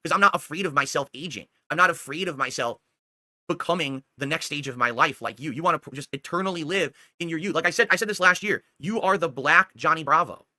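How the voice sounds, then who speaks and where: A man's voice: a little high, quick pace, bright, forceful tone. A man delivering a heated, profane ranting monologue aimed at a rival, scolding him and asking again and again whether he understands. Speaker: streamer.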